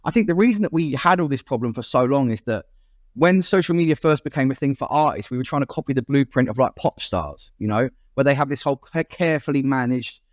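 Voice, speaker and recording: A man, a guest on a podcast, talking casually, frank and animated. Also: mid-range voice, fast, no room sound, studio quality. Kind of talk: casual chat.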